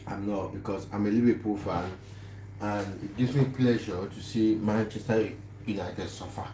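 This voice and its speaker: This livestream host has a lowish, dark voice with fairly even intonation and a moderate pace. He greets viewers in a relaxed way, chatting and laughing freely, and the audio carries room echo and faint background noise.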